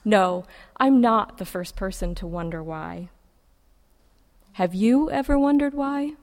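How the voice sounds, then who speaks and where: Woman preacher, slow and poetic, lots of pauses, big echoey church. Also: mid-range voice, expressive, a little mellow. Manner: measured, poetic delivery with dramatic pauses. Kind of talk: sermon with a recited poem. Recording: long reverb of a large hall.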